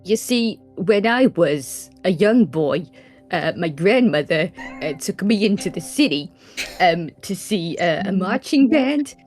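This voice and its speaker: A woman's voice: on the low side, lively intonation, measured pace, soft background music. A woman playing in a tabletop role-playing game, cracking jokes at the table. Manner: playful, wisecracking. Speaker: player.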